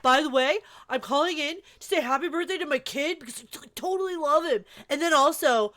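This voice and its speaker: A woman's voice: high-pitched, a little fast, sharp tone. A woman mimicking a goofy macho caller. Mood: mocking. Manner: exaggerated swaggering mimicry. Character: mocked macho male caller, boastful and goofy.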